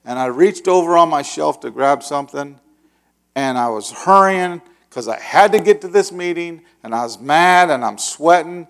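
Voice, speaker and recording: Middle-aged preacher guy telling a story, kinda high voice, gets loud and shouty acting it out. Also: lively intonation, normal speed. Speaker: pastor. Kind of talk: storytelling sermon.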